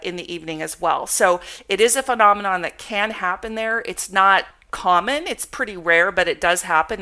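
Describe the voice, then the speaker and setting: A woman's voice: mid-range voice, sharp tone. A woman teaching a devotional Bible lesson on a podcast, reading scripture aloud and then explaining it conversationally.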